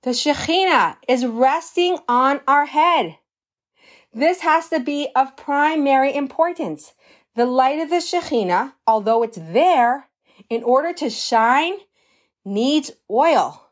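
Animated woman teaching with parables. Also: sits high. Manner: animated storytelling, slows for emphasis. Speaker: religious teacher. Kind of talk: Torah lesson with a parable.

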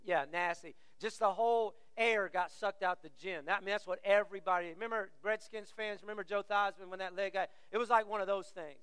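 A man's voice: high-pitched, fairly quick, few pauses, fairly bright tone, smooth, dry recording, big-room sound. A middle-aged man preaching a sermon as pastor, telling stories with animation and acting out the voices he quotes.

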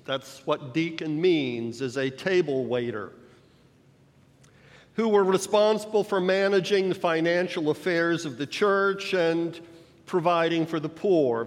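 A man delivers a sermon in a slightly high voice, unhurried and deliberate as he explains the passage point by point. His words ring out with the long reverb of a large church hall. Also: lively intonation. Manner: measured, explanatory preaching with rhetorical emphasis. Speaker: preacher.

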